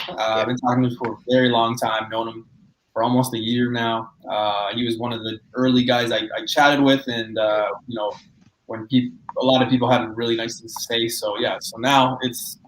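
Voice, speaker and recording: A man hosting a casual live-stream chat, loose and chatty with lots of fillers. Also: medium pitch. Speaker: podcast host. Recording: echoey room with faint noise.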